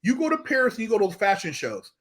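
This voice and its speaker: A man with a high voice tells his stories in an animated, profane way, acting out quoted dialogue as he goes. He is a guest on a casual podcast. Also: rapid-fire.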